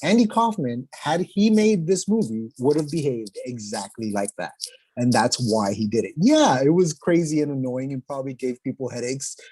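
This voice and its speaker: Podcast host, young man, husky, dry close sound, gets fired up telling stories. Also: medium pitch, normal speed, dry recording. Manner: excitable storyteller, slangy. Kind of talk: casual chat.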